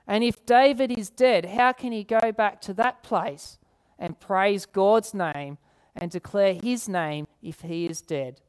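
A woman preaching a sermon, earnest, repeating key phrases and slowing down to read scripture. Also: medium pitch, darkish tone, clear, resonant tone. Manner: slows down to read scripture aloud.

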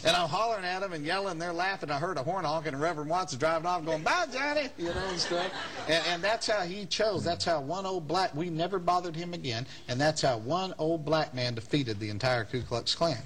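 A man's voice: on the high side, brisk, few pauses, a bit bright, slight background noise. Folksy man telling a story. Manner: chuckling, folksy, rambling. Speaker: storyteller on stage. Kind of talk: live anecdote to an audience.

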